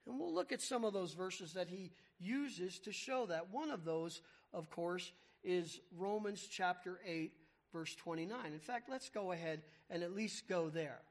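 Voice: mid-range voice, unhurried. A preacher giving an expository sermon, explaining word meanings with emphasis, repeating key words and asking rhetorical questions.

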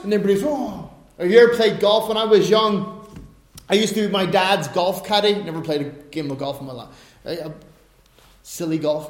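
A man preaching a sermon in a conversational way, swinging between quiet asides and loud, emphatic stresses. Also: fairly high pitch. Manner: conversational, tells personal anecdotes. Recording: roomy echo.

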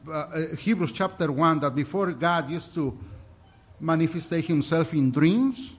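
Earnest man preaching a testimony sermon. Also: on the high side. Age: adult. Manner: earnest, halting, with restarts. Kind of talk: sermon mixing Bible reading and personal testimony.

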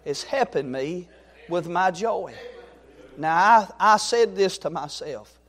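A high-voiced, middle-aged man preaches with fervor. He swings from ringing exhortation down to soft, homey storytelling. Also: lively intonation, slow pace. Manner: fervent, swings from loud exhortation to quiet storytelling. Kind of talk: sermon.

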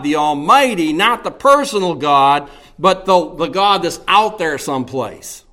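Male preacher, unhurried expository sermon, slightly high voice, emphatic. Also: fairly bright tone. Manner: slow, deliberate teaching with emphatic repetition.

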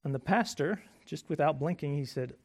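A man preaching a sermon as pastor, conversational and joking, moving between quiet asides and loud emphasis. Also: fairly high pitch, normal speed. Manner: conversational and self-deprecating humor.

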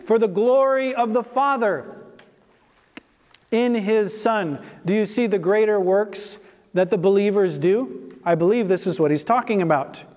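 Male preacher, very high voice, unhurried emphatic delivery, long hall echo. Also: a little mellow. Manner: emphatic, slow and deliberate preaching with stressed repetitions. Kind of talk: sermon.

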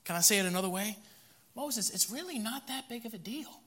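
A man preaching who voices a biblical man making defensive, whiny excuses to his brother, pitched up high. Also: animated, a little fast, bright, forceful tone, breathy edge, full character voice. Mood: pleading. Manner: whiny, defensive, brushing off blame.

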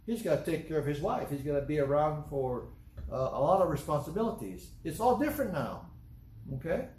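A man's voice: on the high side, big pitch swings, brisk, darkish tone, slight background noise. A man preaching a sermon, emphatic and repetitive, asking rhetorical questions. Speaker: pastor. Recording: echoey room with faint ambience.

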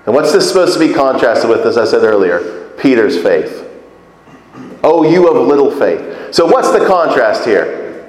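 A man's voice: medium pitch, expressive, unhurried, long pauses. A man preaching a sermon in a conversational, emphatic way, full of rhetorical questions. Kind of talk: sermon teaching. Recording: echoey hall.

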